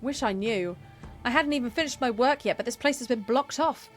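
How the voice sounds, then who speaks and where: A woman's voice: fairly high pitch, brisk, faint music behind. A woman who streams games, chatting casually, laughing often and reading the game text aloud. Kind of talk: casual gameplay commentary.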